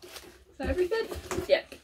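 A woman gushing excitedly through an unboxing vlog, gasping and giggling as she talks. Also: moderate pace. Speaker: collector unboxing a model horse. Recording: voice a little far from the mic.

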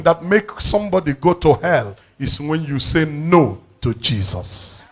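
This preacher's voice sits a little high and sing-song, unhurried and with few pauses. Addressing his congregation during a church service, he repeats points emphatically and keeps asking the crowd questions.

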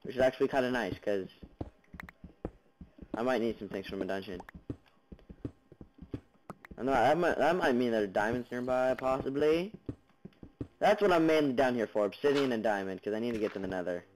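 A man's voice: mid-range voice, moderate pace, long pauses, noisy background. A man giving jumpy let's-play commentary on a block-building game, chattering at monsters and viewers with sudden yelps, recorded on a basic computer mic. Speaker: gaming channel host. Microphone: basic computer mic, no headphones.

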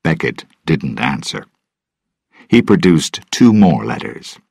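Slow, deep-voiced male storyteller with a gravelly, husky voice. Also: sing-song, darkish tone, no echo, studio quality. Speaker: narrator. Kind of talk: storybook narration for English learners.

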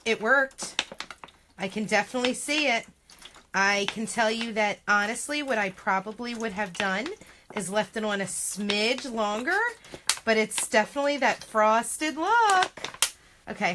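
A woman's voice: medium pitch, background noise. A woman chatting through a home craft demo, chatty and self-deprecating, often exclaiming. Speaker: craft vlogger.

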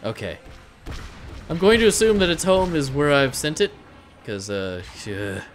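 A man doing let's play commentary, excitable and swearing often as he talks back to the game. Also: a little high, normal speed. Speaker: gameplay commentator. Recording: game music underneath.

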